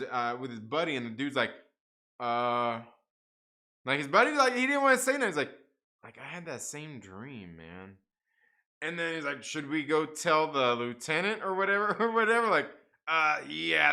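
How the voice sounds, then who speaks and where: A man's voice: fairly high pitch, pushed and bright. A young man hosting a live comics stream, chatting casually, reading the chat aloud, swearing and laughing often.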